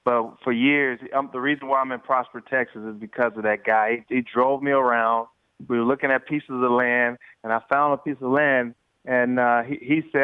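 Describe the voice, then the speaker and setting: Guy in his 40s phoning in, animated storyteller, tinny dry phone sound. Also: medium pitch, normal speed, clean tone, no echo. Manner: animated storyteller, repeats words. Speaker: guest calling in. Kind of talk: phone interview.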